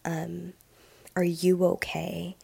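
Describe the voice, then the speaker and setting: A woman's voice: completely flat delivery, extremely slow, creaky, warm tone, breathy edge, dry recording. A young adult woman hosting a solo podcast, speaking earnestly and reflectively with a sick voice and many ums. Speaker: podcast host. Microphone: home podcast mic with difficulties. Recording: dry, close, low-quality audio.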